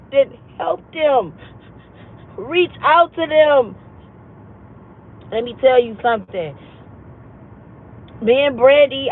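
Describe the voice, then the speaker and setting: A woman hosting her own vlog, talking frankly and emphatically to viewers, repeating lines for stress. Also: high voice. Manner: frank and profane, heartfelt. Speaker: channel host. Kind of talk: candid vlog talk to viewers. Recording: tinny phone-like audio.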